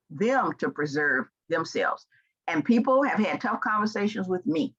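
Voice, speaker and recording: Delivering a motivational keynote, this Southern American woman in her sixties is earnest and emphatic, with stretches that rise and grow animated. She speaks on the low side in a slightly rough voice, captured in dull audio.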